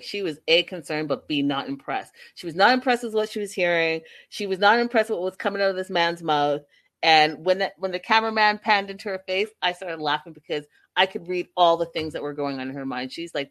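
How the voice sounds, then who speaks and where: A woman hosting a casual live stream, recapping a reality show in an animated, emphatic, sassy way. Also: on the low side. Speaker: livestream host recapping reality TV.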